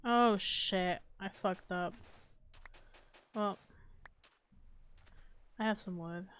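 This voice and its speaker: A woman streaming a block-building game late at night, chatting casually and swearing while keeping her slightly high voice down. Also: drawn-out words, fairly bright tone, clean tone. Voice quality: slightly high, a little strange voice. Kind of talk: casual live-stream gameplay chat.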